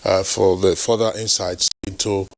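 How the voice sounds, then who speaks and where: A man's voice: deep voice, little pitch movement, moderate pace, gravelly, slight background noise. A man hosting a live news panel, bringing in guests with some fillers between phrases. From Nigeria. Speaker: news anchor. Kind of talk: live TV interviewing.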